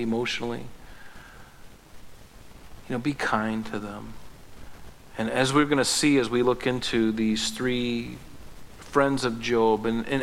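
A man's voice: medium pitch, a bit bright, slight background noise. A man preaching a sermon as a pastor, talking conversationally with restarts and asking emphatic rhetorical questions. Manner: restarts and fillers, rising to fervent prayer.

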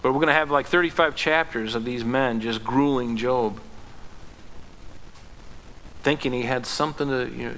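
Conversational pastor preaching with fervor. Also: male voice, mid-range voice, brisk, fairly bright tone, a little hiss or hum. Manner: conversational preaching with emphatic rhetorical questions; restarts and fillers, rising to fervent prayer. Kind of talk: sermon.

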